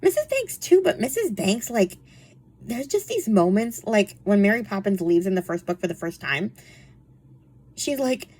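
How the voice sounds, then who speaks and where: Husky, animated young woman chatting. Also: medium pitch, normal speed. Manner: chatty, filler-heavy, laughs often. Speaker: book reviewer. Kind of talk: casual chat.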